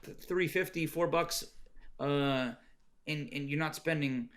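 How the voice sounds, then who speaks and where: A man's voice: a little high, unhurried, a bit bright. A middle-aged man chatting casually as a podcast guest, rambling with frequent restarts and fillers. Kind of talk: casual interview chat. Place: Oregon home.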